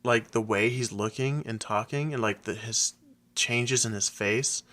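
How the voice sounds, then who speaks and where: A man co-hosting a podcast in casual chat, excitable, laughing often and acting out quotes. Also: medium pitch, measured pace. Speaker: podcast co-host.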